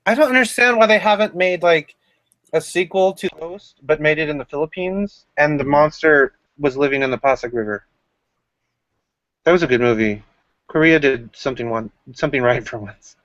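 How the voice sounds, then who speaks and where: A man's voice: a little high, moderate pace, fairly bright tone, no room sound. A man hosting a casual chat stream, joking and laughing often. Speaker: stream host. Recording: dry, dull lo-fi mic.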